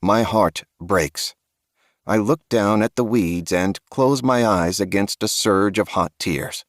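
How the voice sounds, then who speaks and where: Male audiobook narrator, very low voice, dry close sound, grave and tense first-person horror reading. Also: takes it slowly, no room sound.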